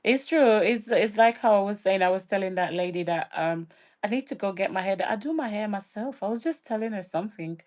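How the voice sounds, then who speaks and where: A woman's voice: mid-range voice, a little fast, a little mellow. A woman hosting a casual livestream who laughs often and reads out viewer comments. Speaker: livestream host.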